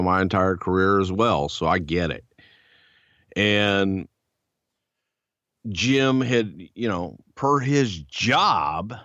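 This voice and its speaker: A man hosts a podcast, telling an old story in a casual, animated, profane way and acting out other people's quotes in a much higher voice. The recording is muffled but has no room sound.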